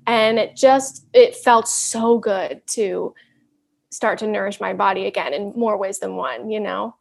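A woman's voice: medium pitch, fairly even intonation, creaky, darkish tone. Earnest woman wellness guest. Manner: earnest, candid, halting restarts. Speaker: interview guest, wellness counselor. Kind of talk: casual interview chat.

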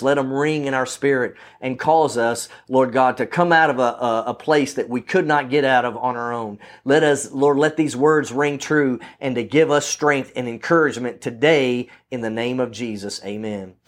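A man preaching a sermon, reading scripture and pressing its points in an earnest voice that rises into emphatic questions and slows on key lines, with frequent restarts. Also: mid-range voice, fairly even intonation. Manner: restarts and self-corrections.

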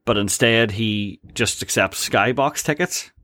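A man's voice: on the low side, unhurried, bright, forceful tone, no echo. Chatty man on a dry mic. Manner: chatty, laughs often, hesitant with ums. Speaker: podcast co-host. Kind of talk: casual chat recapping a cartoon episode.

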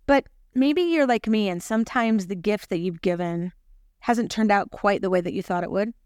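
Woman, scripture teacher, confiding storytelling, smooth resonant voice, dry recording. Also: medium pitch, moderate pace, darkish tone, dry recording. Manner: chatty, confiding, self-deprecating. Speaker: gospel lesson podcast host. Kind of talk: scripture lesson with personal storytelling.

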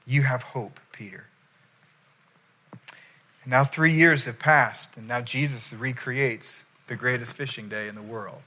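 Male preacher, bright forward voice, acts out scenes as he tells them. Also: mid-range voice, normal speed, hardly any pauses. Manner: animated storytelling, acting out quoted voices. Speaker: pastor. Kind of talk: sermon.

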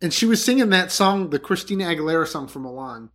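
A young man in casual group chat, telling a story in an animated, joking way. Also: fairly high pitch, fast talker, a crowd in the background.

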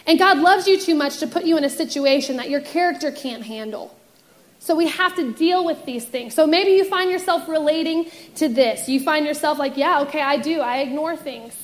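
A woman's voice: high-pitched, moderate pace. A young adult woman and youth pastor giving a casual sermon, telling a personal story and acting out the voices in it. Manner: animated storytelling, acts out voices in quotes.

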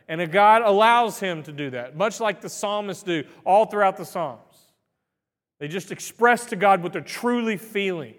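Pastor, male, 30s, high voice, chatty animated preaching, reverberant sanctuary sound. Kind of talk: sermon. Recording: reverberant hall.

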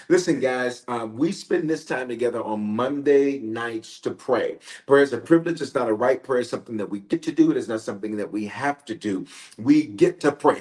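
A man's voice: mid-range voice, a little mellow. A man, a bishop, leading a livestream prayer. He greets viewers in a roll call and repeats phrases for emphasis.

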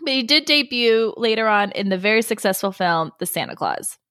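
A woman's voice: on the high side, animated, brisk, a bit bright, no room sound, studio quality. A woman co-hosting a casual movie rewatch podcast, chatty and laughing often mid-sentence. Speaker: podcast co-host.

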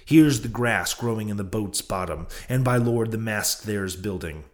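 A boisterous sea-dog of a mate, all bluster and loud coaxing, put on by a man reading a storybook aloud. The voice sits on the lower side, pushed up into hearty shouts. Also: animated, normal speed, lightly acted. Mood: rowdy urging. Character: rowdy boisterous male whaling mate. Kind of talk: audiobook character voice.

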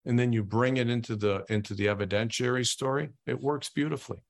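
A man's voice: mid-range voice, fast talker, gravelly. A man on a panel discussion who repeats words as he starts his sentences.

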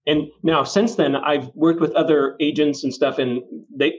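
A man's voice: a little high, steady tone, normal speed, dull audio. A middle-aged man, a mortgage lender, telling a rambling story from his career in casual chat.

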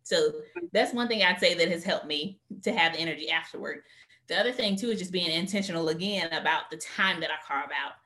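A woman guest on an interview podcast, telling her story in an animated, conversational way and acting out what people said. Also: lowish voice, fairly quick. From United States. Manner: animated storyteller, acts out quotes. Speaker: guest, career coach.

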